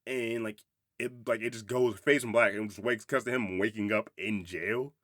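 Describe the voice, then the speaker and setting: Young man, podcast host, low voice, rapid and rambling, swears freely, dry close sound. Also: fairly even intonation, fairly bright tone, no room sound. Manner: rambling, profane, laughs often. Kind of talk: casual movie review chat.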